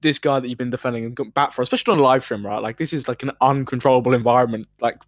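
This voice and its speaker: A man's voice: mid-range voice, fairly even intonation, racing, dry recording. A young man hosting a podcast in casual chat, rambling through his questions with many fillers and curse words. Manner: rambling, filler-heavy, profane. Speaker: podcast host.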